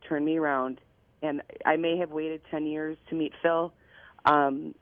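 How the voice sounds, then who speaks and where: A woman's voice: low voice, flat delivery, unhurried, no room sound. A woman in her forties calling in as a guest, emotional, teary and grateful as she talks. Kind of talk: casual chat. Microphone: phone call. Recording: tinny phone line.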